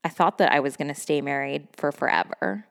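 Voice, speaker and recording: A woman podcast host with a somewhat low, gravelly, slightly bright voice talks briskly about her own life, candid and effusive. She swears freely, says "like" constantly, and keeps laughing between phrases. The sound is that of a big room.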